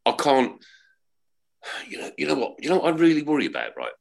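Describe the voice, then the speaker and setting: Man, middle-aged, football podcast chat, animated storyteller, lively pitch. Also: fairly quick, creaky. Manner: animated, storytelling, keeps asking "right?". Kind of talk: casual chat.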